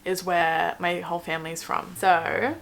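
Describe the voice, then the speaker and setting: A woman's voice: lowish voice, little pitch movement, unhurried, creaky, a bit bright, slight background noise. A young woman with an Australian accent, telling a story in a casual, chatty vlog, full of swearing and "like". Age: young adult. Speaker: vlogger.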